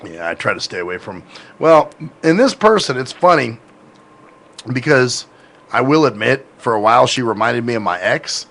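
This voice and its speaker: Male podcast host, gravelly, rambling and profane, casual tone. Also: mid-range voice, sing-song, normal speed, a bit bright. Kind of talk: casual chat.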